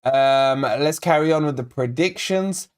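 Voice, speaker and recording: Hosting a fan channel's live football watch-along, a man born in Scotland chats away, excitedly reading chat names, comments, and predictions. He speaks a little slowly in a medium-pitched, clean-toned voice.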